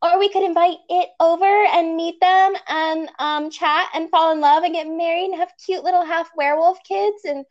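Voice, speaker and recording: A woman voicing a giggly, scatterbrained young woman in a high, rambling voice, reading from a play script. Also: fairly even intonation, normal speed, few pauses, highs cut off. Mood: gushing.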